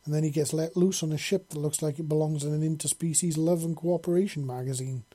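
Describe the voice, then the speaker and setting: A man's voice: on the high side, steady tone, fast, warm tone, slightly rough, dry recording. A man reading a fan-fiction story aloud in a casual way, with frequent slips and restarts. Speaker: narrator.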